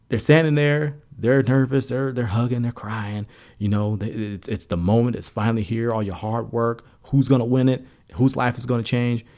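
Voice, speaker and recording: A man from the United States, co-host of a sports podcast, retelling an event in casual chat, his voice rising high and animated as he gets into the story.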